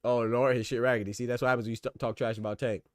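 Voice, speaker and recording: A man's voice: medium pitch, flat delivery, very fast, no echo, clean studio sound. A man hosting a casual boxing podcast livestream, talking loosely in slang and laughing often. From Florida.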